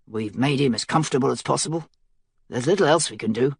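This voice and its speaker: A woman voicing a gruff, protective male guard captain who murmurs low and quiet. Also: fast talker, dry recording, studio quality. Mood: somber.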